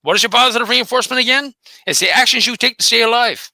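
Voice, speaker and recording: Host: man, high bright voice, rapid profane rant, dry close mic. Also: creaky, no room sound. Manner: profane, combative, taunting. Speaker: host of a dog behavior channel. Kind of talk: angry solo rant.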